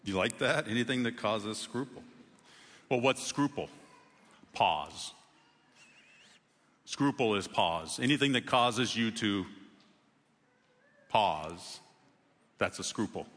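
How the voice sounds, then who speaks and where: A man preaching a sermon in a conversational way, with sudden emphatic rises in pitch. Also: animated, slow pace, long pauses, a bit bright, in a large hall. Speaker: pastor.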